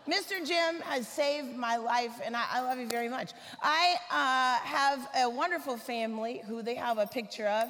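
Woman preaching, funny stories, fairly high voice, big echoey church hall. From Atlanta, Georgia, US. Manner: lively, humorous, animated storytelling. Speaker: guest preacher. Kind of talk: church sermon, personal storytelling.

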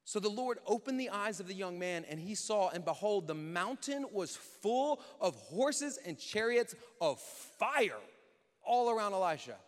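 Animated high-voiced man preaching. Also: measured pace. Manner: animated, conversational preaching with acted-out quotes. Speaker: pastor. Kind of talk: sermon. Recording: reverberant hall.

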